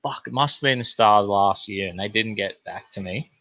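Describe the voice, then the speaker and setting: A man's voice: lowish voice, brisk, bright, forceful tone, dry recording. A young man, hosting a podcast and rambling casually with plenty of swearing. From New Zealand. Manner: rambling, profane, laid-back. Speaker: podcast host. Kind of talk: casual monologue. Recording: dull, lo-fi, dry sound.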